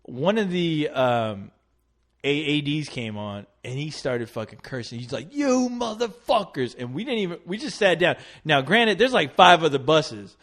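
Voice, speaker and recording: Laughing, animated storytelling man. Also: fairly high pitch, moderate pace. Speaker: co-host. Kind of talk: casual podcast chat.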